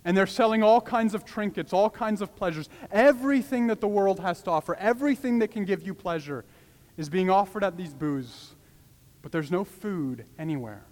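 A man's voice: sits high, long reverb tail. A man preaching a sermon, pleading with passion and rising to urgent cries.

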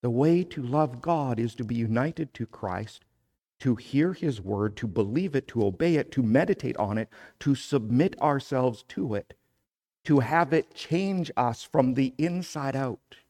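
A male pastor delivering a sermon at a slow, unhurried pace, with a voice of ordinary middle pitch. He speaks deliberately and rises into emphatic force when he reads passages aloud. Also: expressive, warm tone.

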